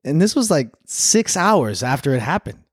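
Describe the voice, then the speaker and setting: A man's voice: on the high side, normal speed, husky, dry recording, clean studio sound. A man co-hosting a casual podcast chat, telling stories from his job as a server and laughing often. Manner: storytelling, animated, laughs often. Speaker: podcast co-host.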